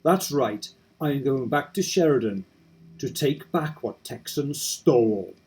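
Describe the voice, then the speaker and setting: A man reading aloud in his own voice as a determined young game hero, steady and earnest. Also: mid-range voice, takes it slowly, slightly rough, heavily acted, rough recording. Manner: steady, earnest narration of resolve.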